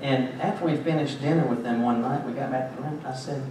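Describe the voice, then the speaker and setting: A man's voice: medium pitch, quick pace. Man preaching in an echoey church. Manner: conversational, joking storytelling preacher. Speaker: pastor. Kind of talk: sermon. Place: church sanctuary. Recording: very echoey church, distant mic, background noise.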